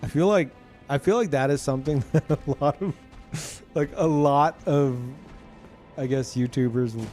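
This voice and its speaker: A man's voice: fairly high pitch, moderate pace, faint music behind. A young man streaming a video game, ranting casually with lots of swearing and filler words. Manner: profane, animated, lots of fillers. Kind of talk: casual live-stream rant while gaming.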